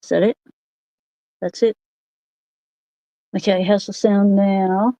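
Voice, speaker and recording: An Australian woman chats loosely through a phone microphone, rambling between greetings. Her voice sits at a middling pitch with a mellow, soft-edged tone, and the sound is dry and close with no room echo. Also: fairly even intonation, slow. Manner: chatty and rambling, greeting viewers by name. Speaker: livestream host. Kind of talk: casual livestream chat. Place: home workshop.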